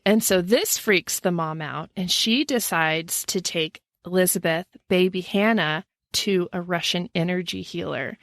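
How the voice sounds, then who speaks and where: A woman's voice: on the low side, unhurried, few pauses, a bit bright, dry recording, clean studio sound. A woman podcast co-host telling a story in casual chat, laughing at her own slips.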